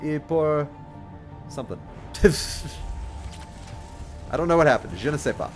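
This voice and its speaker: A man streaming a video game, giggling and cracking jokes between bursts of loud exclamations. His voice sits a little high and bounces all over the place, with faint game music underneath. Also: animated, a little slow. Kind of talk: gameplay livestream commentary.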